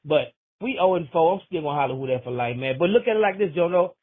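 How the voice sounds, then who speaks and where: Joking New caller on a tinny phone line. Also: male voice, a little high, lively intonation, fast talker. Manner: rambling, joking, slangy. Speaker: voicemail caller. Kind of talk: casual phone message.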